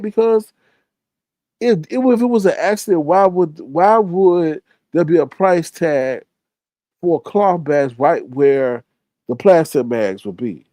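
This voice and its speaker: A man's voice: takes it slowly, no echo, poor audio. Casual male streamer, dry close sound. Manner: animated, acts out quoted people with higher pitch; profane, slangy. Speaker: live stream host. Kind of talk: casual storytelling to a live audience.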